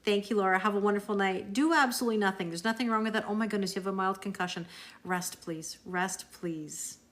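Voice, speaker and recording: A woman from Canada hosts a live tarot stream, answering viewer comments one after another in easy, friendly chat. Her voice sits at an ordinary middle pitch, and she laughs often as she goes. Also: fast, fairly bright tone.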